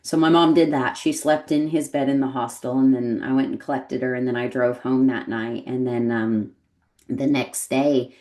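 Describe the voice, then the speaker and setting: A woman's voice: rumbling low, normal speed. A middle-aged American woman, a podcast guest, telling a personal story in casual conversation and acting out the dialogue. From United States. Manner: animated storyteller, acts out quoted dialogue.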